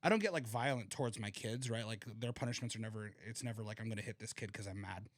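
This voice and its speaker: A man's voice: on the low side, quick pace, no room sound. A man co-hosting a podcast in casual chat, telling stories with lots of swearing and laughter. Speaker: podcast co-host.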